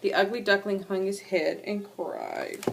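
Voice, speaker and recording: An older woman, a grandmother, reading a children's animal storybook aloud to her grandchildren with an animated, sing-song manner. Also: mid-range voice, measured pace, creaky, background noise.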